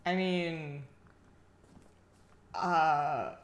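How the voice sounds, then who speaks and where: A woman's voice: sits low, drawn-out words, roomy sound. A woman artist chatting casually while drawing on a livestream, easygoing and a little hesitant. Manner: easygoing, hesitant, self-deprecating. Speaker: artist streaming her drawing.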